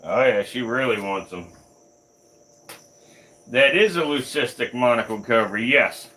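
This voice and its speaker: A man's voice: medium pitch, lively intonation, measured pace, bright, forceful tone. A young man hosting a reptile livestream, chatting casually, swearing and cooing at his snakes. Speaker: reptile keeper and livestream host.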